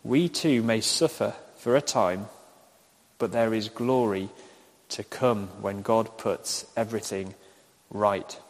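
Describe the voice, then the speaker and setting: A man preaching a recorded sermon, speaking slowly and repeating his questions for listeners to write down. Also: on the low side. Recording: echoey hall with long reverb.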